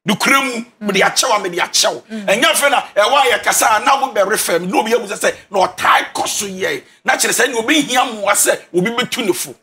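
A man's voice: sits high, brisk, few pauses, sharp tone. A man with a Ghanaian accent, a relationship counselor who gives advice in an emphatic, preacher-like way and repeats his key phrases. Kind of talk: animated counseling talk.

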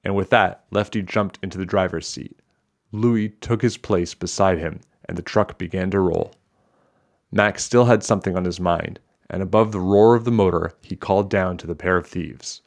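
Man, deep voice, reading a children's book aloud, steady, clear. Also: normal speed. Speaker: storybook reader.

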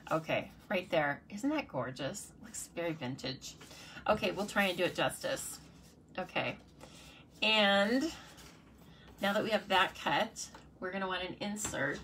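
A woman's voice: on the low side, fairly bright tone, slight background noise. A woman demonstrating card-making in a casual live tutorial, chatty and playful, talking to herself and her viewers. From United States.

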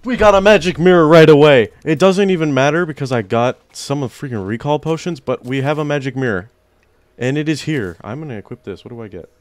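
A young man giving excited let's-play commentary, often jumping into loud, high-pitched outbursts. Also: fairly quick, no echo. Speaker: gaming YouTuber.

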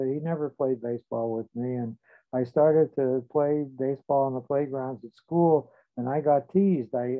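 An older male psychotherapist tells stories from his practice at a measured pace, lifting and dropping his voice as he replays old dialogues. His voice is gravelly and comes through a tinny, phone-like line. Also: medium pitch. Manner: measured, recounting dialogue with shifts in loudness. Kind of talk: reflective storytelling.

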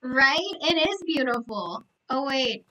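A woman live-streaming a game, chatting to viewers in an excitable, gushing way full of gasps and exclamations. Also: high-pitched, slow, far from the mic, a little hiss or hum, low-quality recording.

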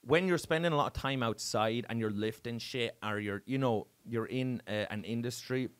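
An Irish man, a stand-up comedian, chatting casually as a podcast guest and telling lively, profane stories. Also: medium pitch, normal speed, clean tone. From Ireland. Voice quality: lively, animated storyteller, swears freely. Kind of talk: casual chat, comic storytelling.

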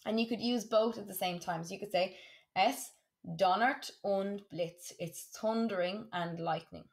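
Woman teaching German vocabulary. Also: mid-range voice. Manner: slow, careful modelling of German words, repeating for practice. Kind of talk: classroom lesson for students.

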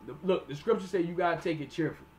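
High-voiced man preaching from scripture. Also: darkish tone, faint music behind. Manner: reads verses slowly then explains in plain street talk; repeats "all right?" to check on listeners. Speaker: teacher. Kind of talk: scripture teaching sermon.

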